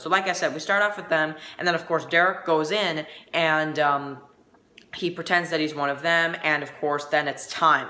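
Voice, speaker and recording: A man giving a casual spoken review of a TV episode, rambling and halting with many restarts. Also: on the high side, pushed and bright, roomy sound.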